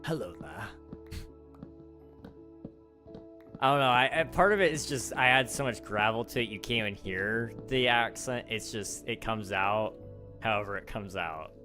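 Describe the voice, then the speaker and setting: A man's voice: fairly low pitch, normal speed, pushed and bright, soft background music. Chatty young man hosting a gaming stream. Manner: chatty, laughs often, reads chat aloud. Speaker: livestream host. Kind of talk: casual chat while gaming.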